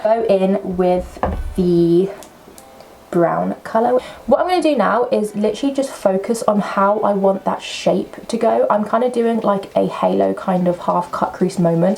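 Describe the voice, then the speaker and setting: A young woman, chatting her way through a makeup tutorial at home with excitable, self-mocking asides. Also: mid-range voice, creaky. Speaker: makeup vlogger. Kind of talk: casual makeup tutorial chat. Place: at home at a table.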